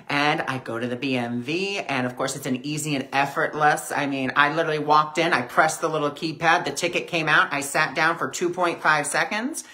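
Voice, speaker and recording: A woman's voice: low-pitched, pushed and bright. A woman hosting a weekly spiritual discussion, talking conversationally and acting out voices in her stories. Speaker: spiritual teacher.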